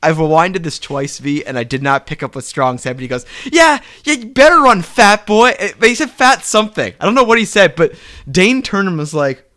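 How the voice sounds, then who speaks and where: A man talks wrestling in a relaxed, chatty way, his voice high and bouncing across a wide range. He slips into quick voices for the wrestlers he describes, and the tone stays bright and forward. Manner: animated, acts out wrestlers' lines in quick voices. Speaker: podcast co-host. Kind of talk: casual wrestling recap chat.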